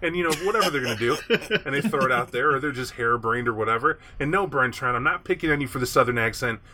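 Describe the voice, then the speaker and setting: A man talking casually on a podcast, animated and slipping into mocking voices. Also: medium pitch, quick pace. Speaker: podcast co-host discussing a tabletop game.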